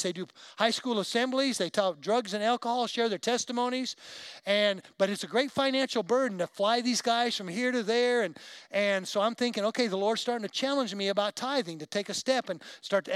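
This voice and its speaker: A middle-aged male preacher with a high, smooth, clear voice tells his story from the pulpit. He acts out his own past reactions as he goes. The sound is close and dry. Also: fairly bright tone, no room sound. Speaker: pastor. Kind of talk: sermon storytelling.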